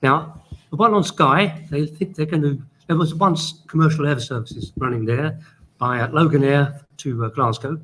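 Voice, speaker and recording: A man presenting a news segment in a measured, explanatory way with small hesitations. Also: on the high side, a bit bright, slight background noise, poor audio. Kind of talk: casual news summary.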